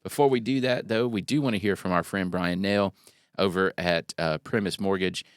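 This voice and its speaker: A man's voice: sits low, normal speed, clean tone, no echo, clean studio sound. A man hosting a local talk show, chatting casually with a guest, joking and rambling with plenty of fillers. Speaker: podcast host. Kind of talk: casual interview chat.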